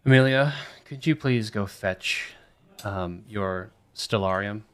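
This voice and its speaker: A scornful woman in a tabletop game, calm and cutting, voiced by a man. Her tone is low and bright, with little change from his own voice. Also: slow pace, smooth. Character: sharp-tongued woman, cool and scornful.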